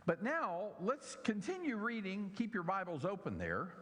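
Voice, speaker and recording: A man teaching a church Bible lesson, slow and emphatic, drawing out key words and asking the audience questions. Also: sits high, wildly swooping pitch, crowd noise. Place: church hall. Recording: long hall reverb.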